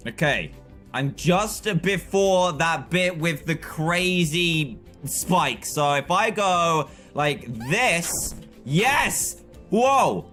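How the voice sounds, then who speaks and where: A man streaming live gameplay with excitable, frustrated commentary, often yelling at the game. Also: fairly high pitch, takes it slowly, soft background music.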